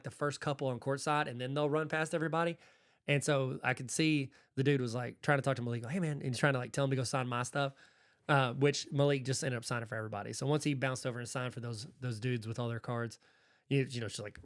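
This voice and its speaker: A man from Arkansas hosting a podcast, telling casual stories and acting out the exchanges he describes. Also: medium pitch. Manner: animated, acts out quoted exchanges. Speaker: podcast host. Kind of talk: casual storytelling.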